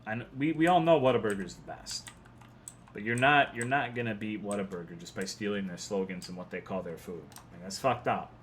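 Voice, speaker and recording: A man's voice: lowish voice, a little fast, slight background noise. Profane young man streaming a game. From Texas. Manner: profane, rambling, frustrated. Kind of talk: casual livestream commentary.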